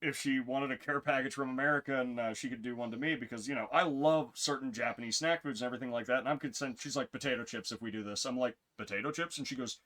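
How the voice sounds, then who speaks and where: Quick and barely pausing, this podcast co-host's fairly bright voice spins long, meandering stories in casual chat. He laughs frequently and leaps into high-pitched voices whenever he quotes someone.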